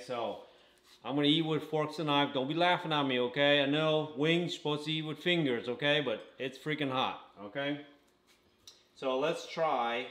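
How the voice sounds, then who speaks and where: A man's voice: a little high, a bit bright. A man hosting a casual home cooking vlog, talking while he eats and tagging his sentences with "okay?". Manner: chatty, tags lines with "okay?", talks while eating. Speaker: channel host. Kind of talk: casual food review vlog. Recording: roomy echo.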